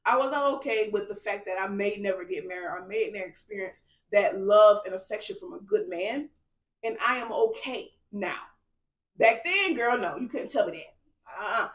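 A woman's voice: medium pitch, expressive, normal speed. Confiding woman podcaster in a roomy space. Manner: emphatic, confiding, peppered with "okay?" and "y'all". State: tearful at moments. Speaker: podcast host. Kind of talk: candid solo podcast monologue. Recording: roomy echo.

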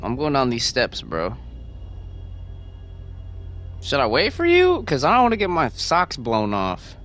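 A man's voice: medium pitch, wildly swooping pitch, unhurried, fairly bright tone, soft background music. A man playing a co-op game with a friend, teasing him, swearing and laughing a lot. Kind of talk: casual co-op gameplay chat.

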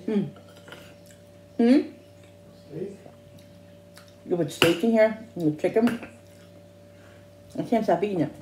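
A woman's voice: medium pitch, slow, long pauses, background noise. A woman chatting casually in a home cooking vlog, rambling with restarts and tasting hums. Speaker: cooking vlogger. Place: home kitchen. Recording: echoey kitchen with dish clatter.

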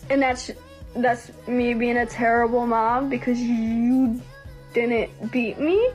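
A woman's voice: fairly high pitch, fairly even intonation, slow, darkish tone, soft background music. A young woman hosting a livestream, venting bluntly and heatedly with plenty of swearing. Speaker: livestream host.

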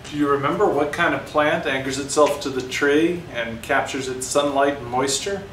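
Male science teacher, casual and jokey, roomy sound from a distant mic, slightly raised pitch. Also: moderate pace, fairly bright tone, a little hiss or hum. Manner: chatty, joking asides to students. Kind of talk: casual classroom lesson.

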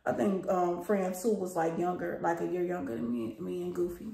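A woman's voice: on the low side, level tone, moderate pace, creaky, dark tone. A young woman vlogger telling a story in casual chat, talking straight to her viewers and swearing freely. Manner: chatty and profane, addresses viewers as y'all. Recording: roomy echo.

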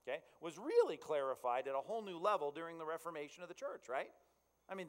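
A male pastor preaching in an easy, conversational style, often asking his listeners if they follow. His voice sits a touch high and carries a long reverb, as in a big hall. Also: fairly bright tone. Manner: conversational, checks in with the audience. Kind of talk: sermon.

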